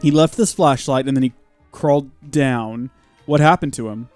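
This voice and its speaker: A young man streaming a video game live, chatting and joking with his audience as he plays, with sudden bursts of mock shouting. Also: medium pitch, normal speed, dry recording, faint music behind. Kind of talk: live gameplay commentary.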